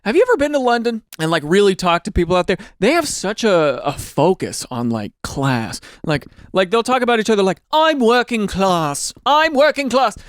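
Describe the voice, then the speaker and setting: A man's voice: high-pitched, very animated, fairly quick, few pauses, clean tone, dry recording, studio quality. A man hosting a casual comedic chat, reacting to reader stories and acting out quotes in exaggerated voices. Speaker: host.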